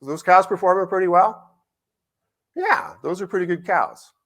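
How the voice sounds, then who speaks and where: A middle-aged university researcher with a high-pitched voice speaks at normal speed, giving an animated, conversational lecture at a conference symposium. He tells stories and keeps checking in with the audience with frequent "right?" tag questions.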